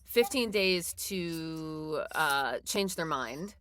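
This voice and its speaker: Low-voiced woman hosting a podcast. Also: lively intonation, fairly bright tone, no room sound. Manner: hesitant, with fillers and quick reactions. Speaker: podcast host, adoptive mother. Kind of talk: casual interview chat. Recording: dry close sound.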